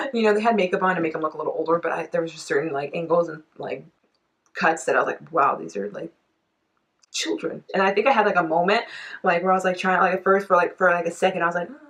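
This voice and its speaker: A young woman chatting casually about a music video, gushing with lots of fillers, giggling and breaking into high excited squeals. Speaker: K-pop reaction vlogger. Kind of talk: excited reaction commentary.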